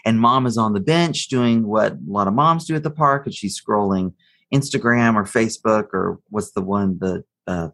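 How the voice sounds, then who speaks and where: Appearing as an expert guest in an interview, a man explains psychology through a story he tells step by step. His voice is lowish and a bit bright at a moderate pace, and he acts out what the story's figures say.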